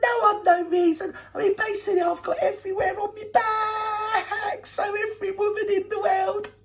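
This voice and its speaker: A woman mocking a self-adoring woman who plays a saint, in a high gushing falsetto. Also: flat delivery, normal speed.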